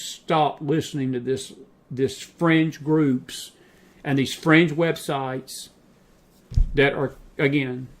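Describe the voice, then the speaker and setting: A man hosting a late-night talk show, impassioned and preachy, slowing down to drive his points home. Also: medium pitch.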